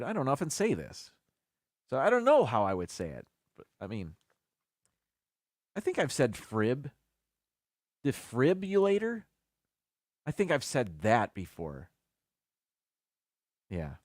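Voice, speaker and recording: Male host, casual and chatty, sounds out each word slowly, dry close sound. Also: mid-range voice, no echo. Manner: chatty, repeats and sounds out words carefully. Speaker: live stream host. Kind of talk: casual chat on a live stream.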